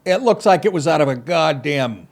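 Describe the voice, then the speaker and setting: A man's voice: a little high, lively intonation, moderate pace. A middle-aged man hosting a comedy podcast, reading news stories aloud and breaking off into profane, sarcastic asides.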